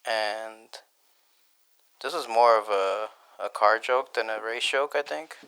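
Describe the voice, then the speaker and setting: A man co-hosting a podcast in casual chat, asking quick questions and laughing easily. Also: lowish voice, fairly bright tone, smooth, rough recording. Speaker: podcast co-host.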